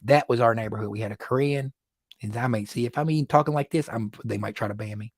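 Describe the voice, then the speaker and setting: A man's voice: mid-range voice, fast talker, dry recording, studio quality. Joking man hosting a livestream. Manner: joking, animated, laughs often. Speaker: livestream host. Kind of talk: casual livestream talk. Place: his studio. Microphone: phone or computer livestream.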